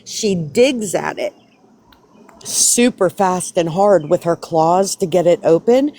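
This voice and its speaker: A woman's voice: on the low side, animated, slow pace, dark tone. A woman hosting a live stream, chatting casually in a blunt, profane way. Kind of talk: casual chat.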